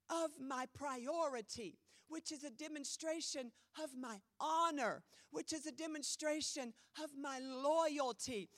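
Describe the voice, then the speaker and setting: A woman pastor preaching a sermon in a church, emphatic with dramatic pauses, her voice a little strained. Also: sits high, no room sound, studio quality. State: voice trouble, slightly strained.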